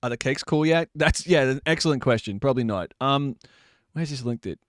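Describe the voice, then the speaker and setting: A man's voice: mid-range voice, brisk, no echo, clean studio sound. A man live-streaming from his desk at home, chatting casually, joking, laughing and swearing while he bakes.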